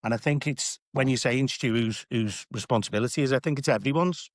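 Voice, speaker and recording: A man's voice: mid-range voice, fairly quick, no echo, clean studio sound. A man, an assistant head teacher, talking earnestly and reflectively in a podcast discussion, often restarting his phrases.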